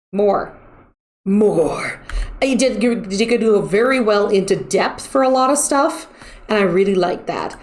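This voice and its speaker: Woman streamer, casual rambling chat, lots of fillers, mid-pitched voice. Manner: rambling, chatty, frequent fillers.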